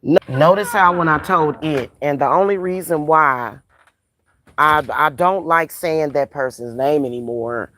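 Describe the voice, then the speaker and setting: A woman's voice: sits low, unhurried, fairly bright tone, a little hiss or hum. A woman vlogger ranting casually at home, blunt and profane, repeating phrases for emphasis. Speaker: spiritual reader and vlogger.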